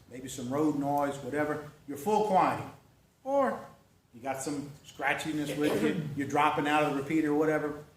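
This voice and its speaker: Man presenter, high voice, folksy how-to talk to a club, caught from across an echoey room. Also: a little hiss or hum. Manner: folksy, conversational, checks in with "okay?" and "right?". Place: meeting room. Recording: echoey room recorded from far off.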